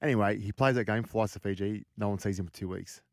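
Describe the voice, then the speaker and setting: Australian male podcast host, quick storyteller, lowish voice, dry close sound. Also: dry recording. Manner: animated anecdote teller, mimics voices. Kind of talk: casual storytelling chat.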